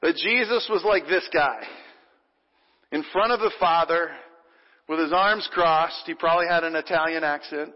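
A pastor preaching a sermon in a church, playful and animated, leading the congregation in call and response. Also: male voice, fairly high pitch, normal speed. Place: church sanctuary. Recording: dull recording with long hall reverb.

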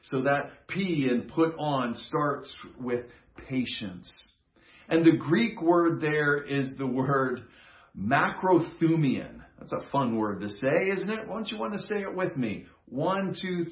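A man's voice: fairly high pitch, expressive, unhurried. A man preaching a sermon in a conversational, playful teaching manner, getting the congregation to repeat words with him. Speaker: pastor. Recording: roomy, dull sound.

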